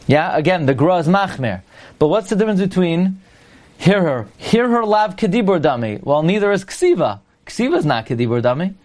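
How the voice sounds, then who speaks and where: A man's voice: medium pitch, darkish tone. A man teaching a halacha lesson in full of Hebrew terms, reading passages and translating them as he goes. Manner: quick, explanatory, translating phrases as he reads. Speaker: Torah teacher.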